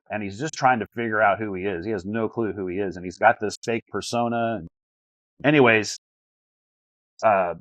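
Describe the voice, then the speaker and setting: Over a video call, a male life coach speaks in an earnest, casual coaching style, frequently repeating himself as he searches for words. The audio is poor, with no echo, and his voice is lowish.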